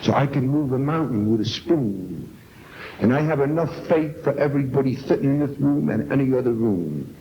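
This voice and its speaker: A man's voice: medium pitch, expressive, normal speed. A middle-aged man from New York giving an earnest, emotional personal testimony at a recovery meeting, on an old 1970s tape. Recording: dull lo-fi 1970s tape with faint hiss.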